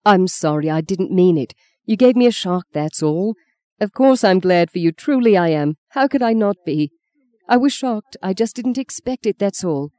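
A woman voicing a bitter, sharp-tongued middle-aged mother, speaking tartly and vehemently in an audiobook. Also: medium pitch, expressive, moderate pace, voice pushed up, close to an everyday voice. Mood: brisk. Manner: tart, vehement. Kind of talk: audiobook character reading.

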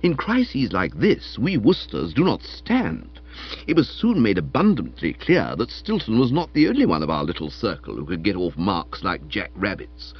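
Male audiobook reader, husky, playful comic narration, muffled lo-fi sound. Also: fairly low pitch, moderate pace. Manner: animated, wry storytelling, characterful quotes. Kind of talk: scripted comic novel narration. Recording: dull lo-fi recording.

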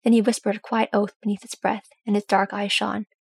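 Woman storybook narrator, gravelly, steady delivery. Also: medium pitch, a little fast, no echo. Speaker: audiobook narrator.

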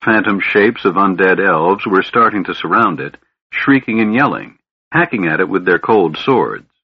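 A man narrating an audiobook in a measured, somber way. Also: low voice, animated, breathy edge, dry recording. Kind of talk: scripted narration. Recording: dull lo-fi audiobook recording.

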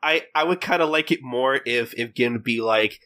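A man chatting on a podcast, recapping a story with quick put-on voices and frequent laughs. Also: medium pitch, bright, forceful tone. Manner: laughs often. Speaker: podcast co-host. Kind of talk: casual podcast chat.

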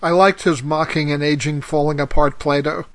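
Male co-host, relaxed and amused, slightly high-pitched. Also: moderate pace, dry recording. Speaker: podcast co-host. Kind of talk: casual chat, TV episode discussion.

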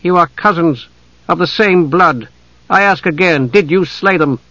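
A man reading an audiobook, voicing a gruff bearded older male warrior who speaks bluntly and with exasperation. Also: sits high, a little slow, pushed and bright, dry recording, dull audio, voice pushed up, exaggerated voice. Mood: stern. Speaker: audiobook narrator.

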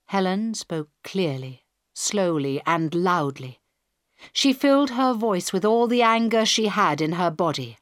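A woman narrates a thriller as a scripted audiobook reading. She takes her time and enunciates every word clearly. Her voice sits mid-range, and the recording is dry and close. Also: fairly low pitch, animated, unhurried, dry recording.

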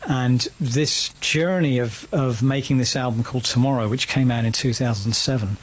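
A man in his fifties, speaking as a guest on a radio show. He talks in a reflective, storytelling way, at a middle pitch for a man and a relaxed, unhurried pace. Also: husky. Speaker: guest musician. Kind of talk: casual radio interview.

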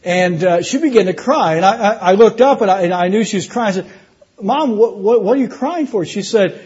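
A middle-aged man delivers a sermon testimony, stumbling over restarts and then lifting his voice for emphasis. His voice sits high and sounds husky. The recording is dull and muffled. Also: lively intonation, brisk, darkish tone. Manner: storytelling with restarts, rising emphasis. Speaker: preacher.

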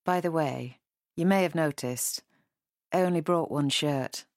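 A sheepish, chatty man rambling through an apology, voiced by a woman reading a novel aloud. The voice is low and close, with no room sound. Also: unhurried, dry recording.

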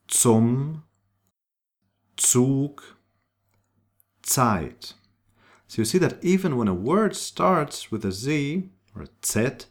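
A man teaching pronunciation, saying example words slowly and repeating each sound. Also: mid-range voice. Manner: slow, demonstrative, repeating sounds. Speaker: German teacher. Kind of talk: pronunciation lesson.

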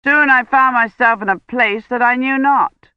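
A woman playing a pompous young knight from an audiobook, bragging in a loud, raised, theatrical voice. He declaims every line as if performing for a crowd, his speech pitched above the reader's own. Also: moderate pace, clear, resonant tone, dry recording, muffled recording, close to an everyday voice. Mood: boastful. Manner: grand, declaiming storyteller tone.

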